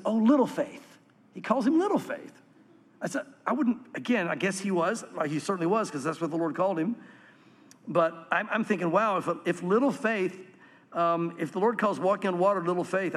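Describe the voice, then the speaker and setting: A man preaching a sermon as pastor, earnest and swinging from animated to hushed. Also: high voice, in a large hall.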